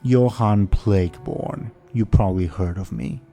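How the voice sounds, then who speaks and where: A man voicing a grim male death knight in a gravelly voice, talking slowly and coldly during a tabletop role-play game. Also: on the low side, dark tone, faint music behind. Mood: haughty.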